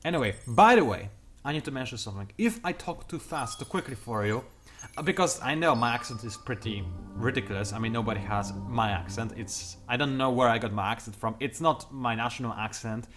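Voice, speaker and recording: A young man hosting a strategy game tutorial, talking quickly through detailed explanations with dry, sarcastic asides. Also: medium pitch, expressive, a bit bright, soft background music. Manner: talks fast, self-admittedly. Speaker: gameplay tutorial host. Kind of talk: explanatory let's-play commentary.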